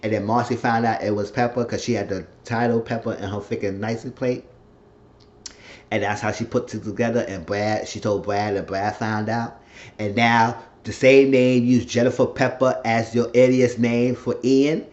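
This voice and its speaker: A man casually recapping a TV episode in a chatty, animated retelling. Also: mid-range voice, moderate pace, muffled recording. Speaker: TV show recap vlogger.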